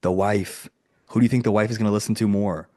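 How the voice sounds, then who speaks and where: A man's voice: on the low side, fairly even intonation, fast, a little mellow. A man coaching a group video call, talking casually with lots of "like" and acted-out quotes. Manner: casual and conversational, full of "like" and quoted dialogue.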